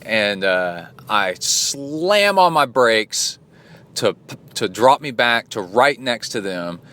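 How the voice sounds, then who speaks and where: A man's voice: medium pitch, sing-song, slow, bright, forceful tone. Male coach-host, casual storytelling, indignant, rambling delivery with fillers and restarts. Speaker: podcast host and endurance coach.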